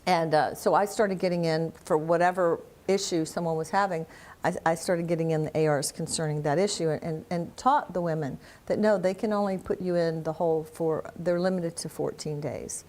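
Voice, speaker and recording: A woman's voice: lowish voice, normal speed. An older woman, a guest on an interview show, telling stories with lots of laughter and restarts. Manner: animated storyteller, laughs often, many restarts. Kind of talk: conversational storytelling.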